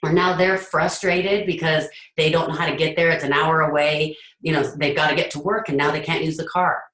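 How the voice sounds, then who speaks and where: A woman's voice: sits low, steady tone, fairly quick, a bit bright. A middle-aged woman host talking casually and earnestly about leadership, sometimes acting out what parents say. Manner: earnest, acts out parents' voices. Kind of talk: casual talk to an audience. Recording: echoey room.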